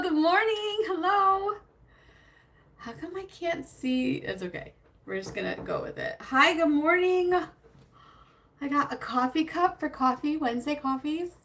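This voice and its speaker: Bright, chatty woman hosting a live stream. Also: high voice, gravelly, a little hiss or hum. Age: adult with a child. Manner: chatty and scattered, greeting viewers by name; nervous, self-conscious laughter. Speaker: beauty livestream host. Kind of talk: casual live-stream chat.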